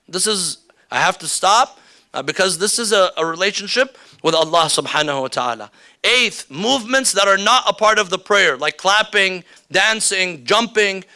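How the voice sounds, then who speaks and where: A man's voice: sits high, sharp tone, clear, resonant tone. A man teaching a workshop on prayer rules, explaining step by step and repeating the key rulings. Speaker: religious teacher. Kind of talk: workshop lecture. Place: indoor hall or classroom with slides.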